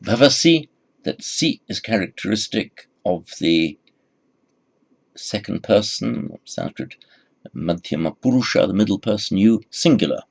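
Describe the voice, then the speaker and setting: A man teaching a Sanskrit lesson, slowly repeating each phrase for the learner. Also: on the low side, creaky, darkish tone. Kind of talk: recorded language lesson.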